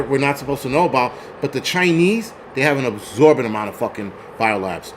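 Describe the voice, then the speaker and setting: A man's voice: on the high side, slight background noise. A man hosting a show, ranting angrily and profanely at his viewers. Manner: profane, shouting, ranting at chat. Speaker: host. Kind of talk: angry livestream rant.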